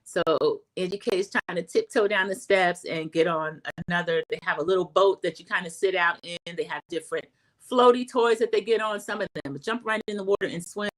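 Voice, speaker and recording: A middle-aged woman hosting a livestream, casually recapping a reality TV episode and giving her opinions, chatty and animated when she acts out quoted lines. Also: on the low side, fairly quick, low-quality recording. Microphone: home streaming setup.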